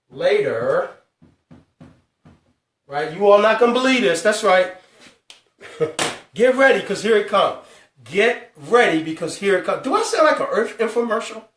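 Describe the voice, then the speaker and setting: A man hosting a live financial talk, stressing each number slowly and calling out to his viewers. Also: high voice, fairly bright tone, distant mic. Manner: emphatic, drawn-out numbers, calls out to viewers. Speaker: host. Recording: echoey room, speaker away from mic.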